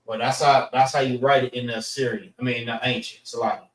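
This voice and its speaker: A man leads a relaxed scripture lesson at an ordinary middle pitch, stopping often to check in with "all right." The room is roomy and echoing. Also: fast. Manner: relaxed, repeats "all right" between points. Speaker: class teacher. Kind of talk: informal scripture class lesson. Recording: roomy echo.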